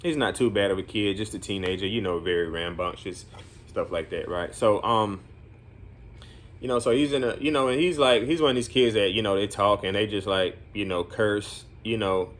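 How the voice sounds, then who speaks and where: A man with a fairly low voice talks through his day in an easygoing, rambling vlog, leaning on fillers as he goes. He turns earnest and encouraging when speaking of the kids he works with. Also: normal speed. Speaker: group home counselor. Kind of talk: casual vlog talk.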